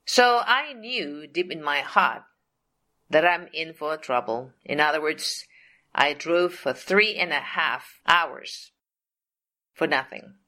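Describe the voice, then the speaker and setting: A woman's voice: sits low, animated, slow, sharp tone. An older woman telling a personal faith testimony in an earnest, repetitive way. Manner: earnest, repetitive, leans on "of course" and "whatsoever". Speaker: storyteller sharing a faith testimony.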